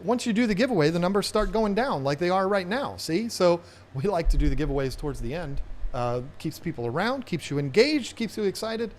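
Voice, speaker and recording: A man's voice: sits high, very animated, a little fast. A man hosts a live stream about fish tanks with a slightly raised voice. He talks casually and rambles playfully between topics, joking with viewers as he goes. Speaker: aquarium channel host.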